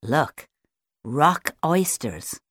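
Chatty young boy sea otter, put on by a woman reader, eager show-off, lively sing-song, dry. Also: deep voice, very slow, slightly rough, no echo, exaggerated voice. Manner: friendly, keen to show what he knows.

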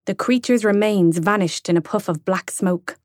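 A young adult woman narrating an audiobook in a slow, measured storytelling read. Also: mid-range voice, a little mellow, no room sound, studio quality. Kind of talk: scripted narration.

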